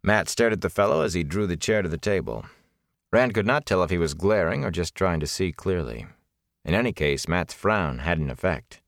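A man narrating a fantasy novel in measured, expressive storytelling. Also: sits low, no echo, studio quality. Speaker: audiobook narrator.

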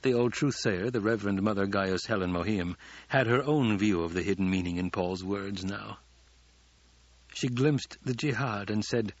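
A man doing measured, dramatic audiobook narration. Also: lowish voice, no room sound. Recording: dull, dry studio audiobook.

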